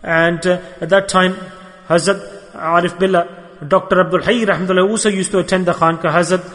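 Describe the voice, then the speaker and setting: Earnest male preacher with a high voice, repeats lines for emphasis, long hall echo. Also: fairly even intonation, fairly quick, a bit bright. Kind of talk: storytelling sermon.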